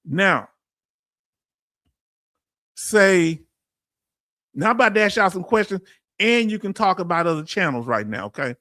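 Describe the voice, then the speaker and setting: A middle-aged man from Texas with a Southern accent, hosting a casual veterans' livestream and answering his chat in a folksy, animated way. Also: high-pitched, measured pace, long pauses, dry recording, clean studio sound.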